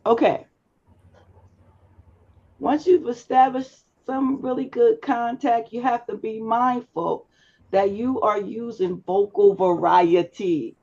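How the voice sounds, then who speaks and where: A woman instructor lectures her class over a video call, her words coming slow and deliberate with a gravelly edge. Her tone is firm and instructive as she speaks to students directly, and the call audio sounds slightly dull. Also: a little high, darkish tone. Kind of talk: live online class lecture. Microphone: computer mic on a video call.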